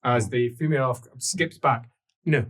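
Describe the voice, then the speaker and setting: A man narrating as game master of a tabletop game, mostly quiet with sudden loud bursts for characters. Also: medium pitch, unhurried.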